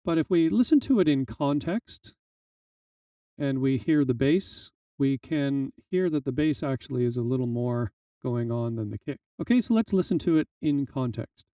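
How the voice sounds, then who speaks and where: A man walks through a software tutorial in an easygoing, explanatory manner, pausing on fillers as he works. His voice is warm and mellow. It sits a little back from the mic in a dry, deadened room. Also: mid-range voice, no room sound, distant mic. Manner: relaxed explanatory, frequent fillers. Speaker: music tutorial instructor. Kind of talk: screen-recorded software tutorial.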